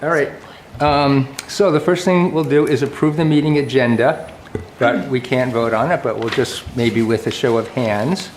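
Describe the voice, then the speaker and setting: A man chairing a town committee meeting, relaxed and halting, with many pauses and fillers. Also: mid-range voice. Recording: echoey meeting room with faint noise.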